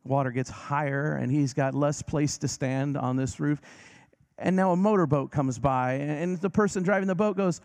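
Gravelly pastor preaching gently. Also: male voice, on the high side. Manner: gentle, reassuring, slows down for emphasis. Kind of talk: sermon.

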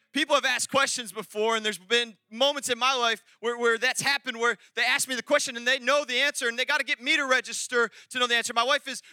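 A pastor preaching a lively, rambling sermon full of restarts and asides. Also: male voice, very high-pitched, no room sound. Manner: animated, rambling, with many restarts and laughs.

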